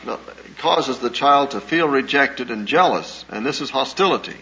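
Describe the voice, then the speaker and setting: A man giving a sermon-style talk as a pastor and counselor, telling stories in an earnest, measured way with small hesitations. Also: medium pitch, animated, creaky, sharp tone. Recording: dull lo-fi old recording with faint hiss.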